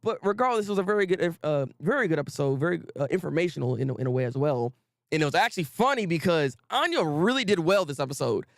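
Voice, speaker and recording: A man hosting a casual anime talk stream, reading out viewer names and repeating himself with animated, slangy energy. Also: a little high, quick pace, vocal fry, dry recording, studio quality. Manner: animated, repetitive, slangy, greets chat viewers. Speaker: host.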